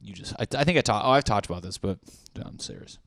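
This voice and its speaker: Profane rambling man, low dry voice. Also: animated, fast talker, creaky, a bit bright, no echo. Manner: profane, rambling, riffing with mock dialogue. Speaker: podcast host. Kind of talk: solo podcast rant.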